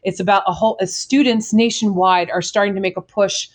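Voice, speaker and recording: A woman's voice: mid-range voice, fairly even intonation, a little fast. A woman teacher co-hosting a casual talk show, ranting bluntly with lots of swearing. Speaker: co-host, teacher. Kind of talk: casual podcast chat.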